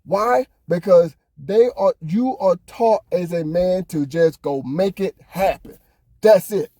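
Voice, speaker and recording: A man's voice: high-pitched, slow, dark tone, dry recording. Fired-up ranting man, dry close sound. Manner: heated, ranting, swears often. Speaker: podcast host. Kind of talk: casual opinion monologue.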